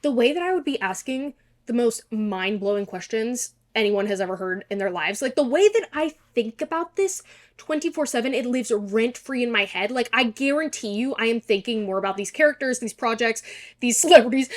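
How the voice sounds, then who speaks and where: Brief: woman YouTuber, slightly high voice, excitable, gushing, swears a lot. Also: a little fast. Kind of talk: casual reaction commentary.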